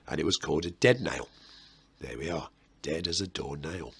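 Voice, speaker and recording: A man's voice: extremely low pitch, animated, normal speed, creaky, slightly rough. A man with a Birmingham accent, hosting a history video and explaining old sayings in a chatty, rambling way with self-mocking asides. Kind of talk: casual history explainer to camera.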